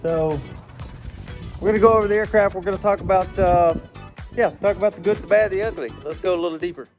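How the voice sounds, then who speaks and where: A man with a Georgia Southern accent hosts a relaxed walkaround of an airplane, speaking a bit high and chatty with plenty of "uh"s. Music plays clearly beneath his voice. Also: fast talker. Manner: folksy and chatty, with frequent fillers. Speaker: flight instructor and aircraft demo host. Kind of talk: casual walkaround vlog. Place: aircraft hangar.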